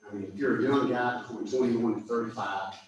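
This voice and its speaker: A man's voice: mid-range voice, fairly even intonation, a little fast, lo-fi sound, slight background noise. An older man gives a guest talk at a club meeting. He tells folksy stories and chuckles through his own jokes. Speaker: guest speaker. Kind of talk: anecdotal club speech. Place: large clubhouse meeting room. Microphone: distant from the microphone. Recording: echoey room, far from mic.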